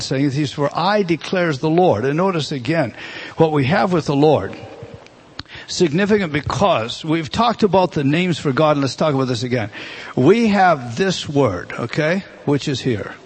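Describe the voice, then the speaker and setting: A man's voice: fairly high pitch, breathy edge. A man preaching a sermon, explaining a Bible passage verse by verse as he writes words out on a board. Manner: explanatory, writing on a board as he teaches. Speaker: pastor.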